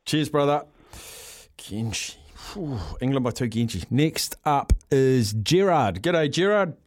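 A man with a New Zealand accent hosting radio talkback, moving briskly through callers with friendly banter. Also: medium pitch, animated, no room sound, clean studio sound. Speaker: radio host.

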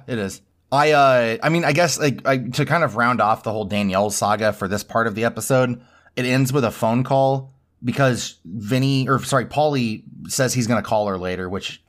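A man hosting a podcast, chatting casually and rambling through a reality-show recap, laughing often and acting out quotes. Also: mid-range voice. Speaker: podcast host.

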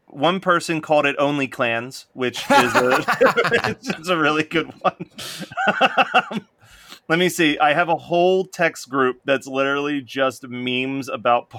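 A man co-hosting a podcast in casual chat, laughing often and mimicking people in high voices. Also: sharp tone, no echo. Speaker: podcast co-host.

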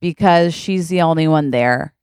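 A woman's voice: deep voice, moderate pace, a little mellow, smooth, dry recording, clean studio sound. A woman co-hosting a comedy podcast, playfully improvising a story with frequent giggles. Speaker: podcast co-host.

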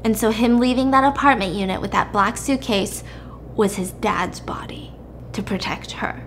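A woman host casually recapping a drama plot with animated storytelling and quick asides to her co-host. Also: medium pitch, slight background noise. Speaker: podcast host.

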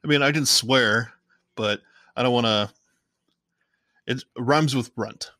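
A podcast host recaps a movie in a rambling, chatty way, correcting himself, restarting sentences, and playfully acting out other characters' lines now and then. His bright, forward voice is mid-range and slow-paced. The recording is close and dry, with no echo or room sound.

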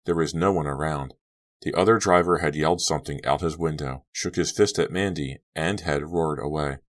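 Man, audiobook narrator, very deep voice, steady clipped delivery, scripted narration. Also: normal speed.

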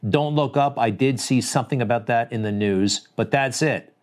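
A man's voice: mid-range voice, moderate pace. A man hosting a commentary show, talking over clips in an indignant, sarcastic, conversational way.

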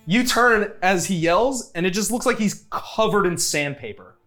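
A game master who narrates a tabletop fight with bouncy, lively intonation and an easy, playful feel. The voice sits at an average pitch and is scattered with "uh" and "um", with faint music behind. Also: normal speed. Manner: playful, animated narration with many fillers.

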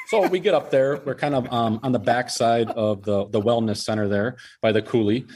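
A man's voice: on the low side, darkish tone, breathy edge. A young man in his twenties, a podcast guest, telling a long story in casual, rambling chat, swearing freely. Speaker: podcast guest, hockey player.

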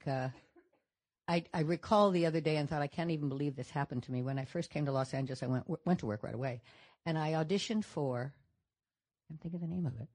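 An older woman from Nevada, a guest answering audience questions on a stage, telling stories in a chatty, animated way. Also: low voice. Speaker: panel guest actress. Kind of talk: audience Q&A chat.

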